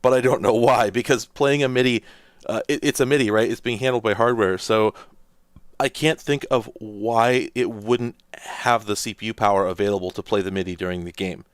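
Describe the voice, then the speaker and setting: A man's voice: lowish voice, fairly even intonation, moderate pace, smooth, dry recording, studio quality. A man hosting a casual let's-play, rambling and thinking aloud with lots of fillers as he plays. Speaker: host.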